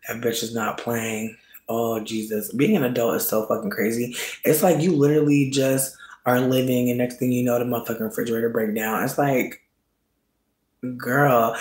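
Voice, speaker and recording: A man hosting solo, telling a casual comedic rant in slangy, profane, animated storytelling. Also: medium pitch, normal speed. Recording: roomy echo.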